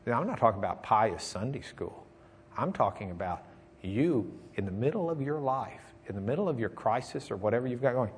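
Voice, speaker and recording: A man delivering a sermon in a relaxed, folksy manner. He tells a joke and then shifts between rising emphasis and hushed, close reflection. His voice sits in a middle pitch. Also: a little fast, a little hiss or hum. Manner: folksy, tells jokes, swings from loud emphasis to quiet. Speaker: preacher.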